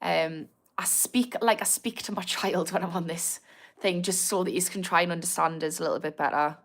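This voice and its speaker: A woman's voice: lowish voice, steady tone, normal speed. A woman with a Geordie accent and a slightly posh edge, chatting frankly on a livestream and answering viewers' comments as host. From Newcastle, England. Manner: frank and chatty, swears freely, reads comments aloud. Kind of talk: casual live-stream chat.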